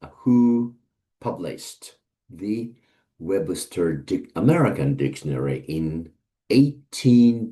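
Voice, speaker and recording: A man's voice: sits low, warm tone. A man giving a casual vocabulary lesson, hesitant with many fillers as he lists word pairs one by one. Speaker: English teacher.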